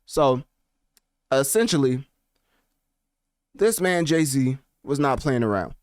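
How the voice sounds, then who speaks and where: A man hosting a podcast, chatting casually with animated, slangy commentary while looking things up on his screen. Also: medium pitch, slow pace, smooth, no echo, studio quality. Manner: animated, conversational, slangy asides. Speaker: podcast host. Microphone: podcast mic, also on video.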